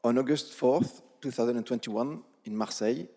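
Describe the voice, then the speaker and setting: A man's voice: mid-range voice, normal speed, dark tone. French-accented father in a hall. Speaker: bereaved father giving testimony. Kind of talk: prepared public statement. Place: large hall at a public tribunal. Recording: long hall reverb.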